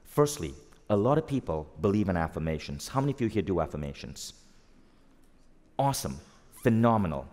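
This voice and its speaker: A man with a fairly low voice delivers an energetic motivational talk to a live audience, often asking them questions. His voice carries a long reverb from a large hall. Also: fairly quick, long pauses.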